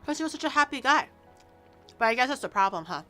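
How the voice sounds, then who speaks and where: A woman's voice: sits high, lively intonation, fast talker, pushed and bright, faint music behind. A woman in her early twenties with a Canadian accent, chatting casually and teasingly with viewers on a livestream, with lots of fillers. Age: early 20s. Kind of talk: casual chat reacting to viewers.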